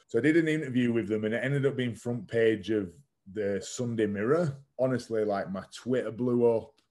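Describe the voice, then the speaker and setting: A podcast guest in his thirties tells his story frankly and casually, with occasional swearing and a steady stream of "like." His voice is on the low side, brisk and a little mellow.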